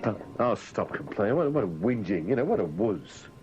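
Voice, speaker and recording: A man's voice: sing-song, brisk, music in the background. A man hosting breakfast radio, reading the news and mocking it with jokey asides and mumbled fillers. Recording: dull lo-fi radio broadcast with faint rumble.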